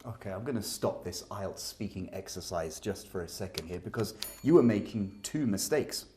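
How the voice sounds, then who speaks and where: Low, mellow male speaking teacher. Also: animated, moderate pace, slight background noise. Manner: emphatic, explanatory. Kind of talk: scripted speaking lesson.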